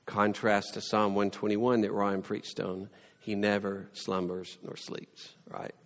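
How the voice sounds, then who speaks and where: A man preaching a sermon, telling the story with lively, playful asides and mock sarcasm. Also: fairly low pitch, a little slow, in a large hall.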